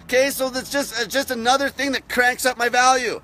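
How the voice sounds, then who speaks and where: A man's voice: extremely high pitch, little pitch movement, brisk, pushed and bright. A young man ranting to camera about dieting, blunt and aggressive, swearing constantly. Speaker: diet channel host. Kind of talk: profane rant to camera.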